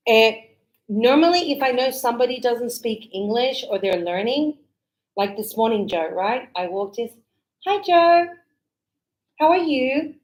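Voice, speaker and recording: A middle-aged woman teaching English in a chatty, animated way. Her voice sits a little high. She acts out examples by calling out loudly. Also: moderate pace, rough recording. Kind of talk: classroom lesson.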